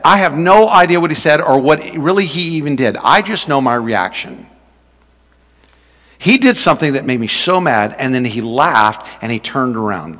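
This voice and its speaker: A man preaching a sermon as pastor, telling a story in an animated way and acting out shouts in a raised voice. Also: long reverb tail. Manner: animated, acts out shouts and quotes in a high voice.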